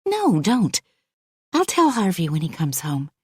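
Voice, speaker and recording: A woman's voice: huge pitch swings, a little slow, husky, no echo, studio quality, heavily acted. A woman voicing an anxious, well-off young mother who talks in agitated, pleading tones. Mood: indignant. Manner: pleading, agitated, pitch rising.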